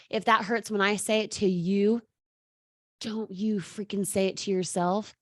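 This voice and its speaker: A woman's voice: medium pitch, level tone, unhurried, a bit bright, no room sound, clean studio sound. A woman giving a bold, sassy motivational talk as a sales coach, calling out viewers by name.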